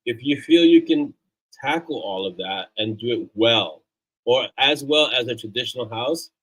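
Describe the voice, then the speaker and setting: A man's voice: medium pitch, lively intonation, normal speed, husky, low-quality recording. Chatty man hosting a casual livestream. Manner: chatty and upbeat, plugging links and thanking supporters; loose and off-the-cuff, with fillers and restarts. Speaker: livestream host. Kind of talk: casual live-stream chat.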